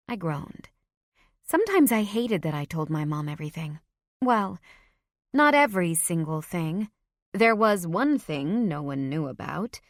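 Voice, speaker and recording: A woman narrating a romance audiobook in the first person, with warm, playful storytelling. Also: lowish voice, big pitch swings, measured pace, dry recording, studio quality.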